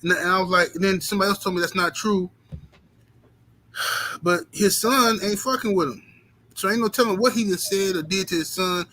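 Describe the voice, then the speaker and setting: Host, male, profane casual stream chatter, tense bright tone. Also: high-pitched, normal speed, long pauses, slight background noise, poor audio. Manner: loose, profane, laughing asides, slangy. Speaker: boxing talk show host. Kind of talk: casual live-stream commentary.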